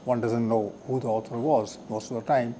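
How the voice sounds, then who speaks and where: An older man giving a live televised lecture as the guest professor, speaking haltingly with many fillers and frequent throat clearing. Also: mid-range voice, fairly even intonation, warm tone, a little hiss or hum. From India.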